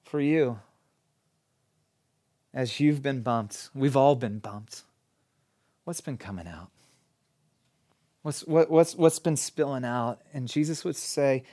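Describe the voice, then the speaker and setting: Middle-aged guy preaching, chatty and earnest, gets animated with everyday examples. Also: mid-range voice, takes it slowly, pauses often. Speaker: pastor. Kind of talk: conversational sermon.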